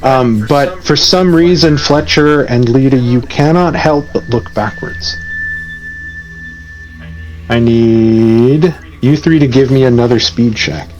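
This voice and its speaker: A man running a tabletop horror game as game master, narrating in a measured, hesitant way with frequent pauses. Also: medium pitch, darkish tone, low-quality recording. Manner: measured, slow, hesitant with many ums. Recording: faint music behind.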